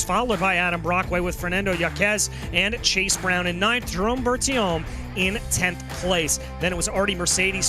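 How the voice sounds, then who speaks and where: A man calling an online race in a high, bright voice. He rattles through the finishing order and then questions the drivers. Loud music plays under him. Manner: rapid results rundown, interviewing drivers. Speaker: race commentator. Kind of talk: play-by-play sim racing commentary.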